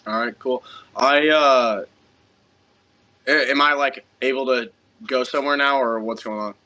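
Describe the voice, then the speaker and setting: Laid-back young man with a bright voice. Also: medium pitch, steady tone, measured pace, no room sound, rough recording. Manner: laid-back, joking, swears. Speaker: player. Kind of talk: casual chat.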